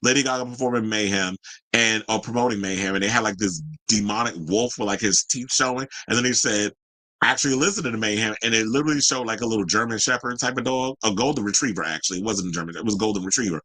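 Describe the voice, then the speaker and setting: A man's voice: lowish voice, fast, pushed and bright, poor audio. A man hosting a casual solo pop culture commentary show, chatty and sassy with rambling asides.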